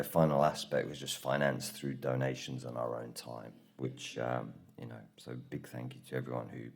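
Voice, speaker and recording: Male conference speaker, deep-pitched, lively storyteller who acts out quotes. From England. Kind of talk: conference talk. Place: conference room.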